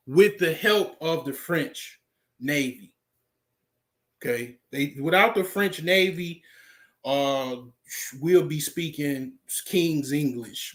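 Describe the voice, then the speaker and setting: A man's voice: fairly high pitch, fairly bright tone. An American man talking in a casual, rambling monologue, full of fillers and profanity. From United States. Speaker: vlogger.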